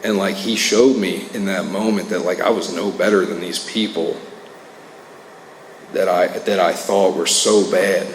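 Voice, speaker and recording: Low-voiced man telling his story in a hall. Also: fairly even intonation, a little slow. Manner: candid, earnest storytelling with many fillers. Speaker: speaker at a recovery meeting. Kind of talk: personal testimony talk. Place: meeting hall. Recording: echoey hall with faint noise.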